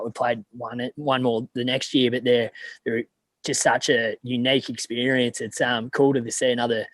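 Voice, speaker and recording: A man's voice: mid-range voice, dry recording. A man in his twenties with an Australian accent, a former college punter chatting easily as an interview guest and calling the host "mate". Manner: easygoing, ends sentences with "mate". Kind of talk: casual interview.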